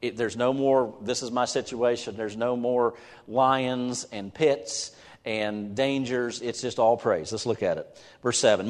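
A man's voice: mid-range voice, measured pace. A man preaching a sermon. He puts questions to his listeners and reads scripture aloud with rising fervor. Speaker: pastor. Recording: long hall reverb.

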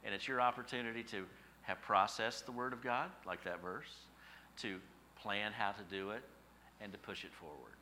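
A middle-aged male pastor delivers a sermon in a bright, forward voice. He leans on homespun stories and asks his listeners questions as he goes, with a faint hiss of noise behind him. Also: on the low side, moderate pace. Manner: folksy storytelling with rhetorical questions.

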